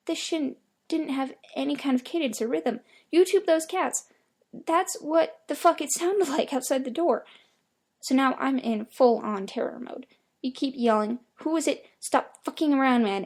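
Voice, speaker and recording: A young woman reads a horror story aloud, her voice sitting a little high. She tells it casually, like a first-person account, swearing freely as she goes. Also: darkish tone. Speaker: narrator. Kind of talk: creepypasta reading.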